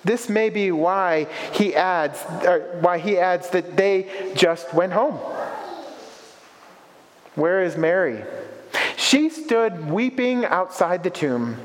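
Male preacher, high voice, unhurried reflective sermon, long hall reverb. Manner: reflective, asks rhetorical questions.

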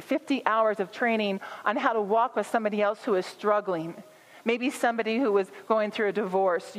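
Woman pastor preaching in a reverberant hall. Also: mid-range voice. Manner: earnest, building repetition for emphasis. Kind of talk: sermon.

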